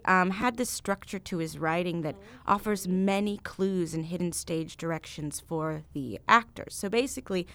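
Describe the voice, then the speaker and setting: Slow, gravelly woman stage actor. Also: on the low side. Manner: explanatory, with fillers and stretched words. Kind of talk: radio interview guest.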